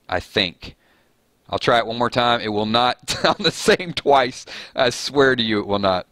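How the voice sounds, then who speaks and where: A chatty man with a Southern US drawl hosts a relaxed live stream, reading out viewer comments and poking fun at himself. His voice is bright and forward, recorded close and dry with no room sound. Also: medium pitch, moderate pace, no room sound. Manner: chatty, reads viewer comments aloud, joking and self-mocking. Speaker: live chat host. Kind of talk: casual live-stream chat.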